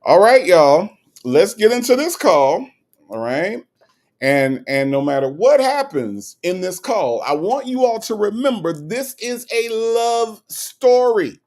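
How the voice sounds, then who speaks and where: A man's voice: sits high, slow pace. A man hosting a livestream in a casual, teasing way. He reads viewer comments aloud and often checks in with "okay?" and "all right?". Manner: animated and teasing, with many "okay?" asides. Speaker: livestream host.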